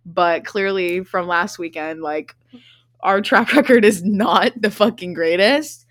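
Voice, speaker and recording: A woman's voice: medium pitch, unhurried, dry recording. A young woman in her twenties hosting a podcast, telling a rambling, profane story in casual chat and laughing often. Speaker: podcast host.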